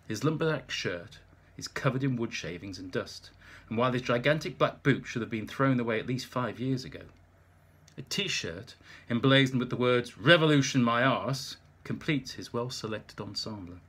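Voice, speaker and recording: A man's voice: mid-range voice, expressive, normal speed, a bit bright, breathy edge. A man narrating an audiobook in the first person, with wry, dry humour.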